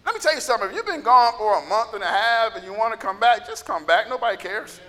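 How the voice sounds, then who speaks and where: Scratchy high-voiced preaching man. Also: animated, fast. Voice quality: scratchy, gravelly. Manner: impassioned preaching, bursts of shouting. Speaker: pastor. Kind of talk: sermon. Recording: echoey hall reverb.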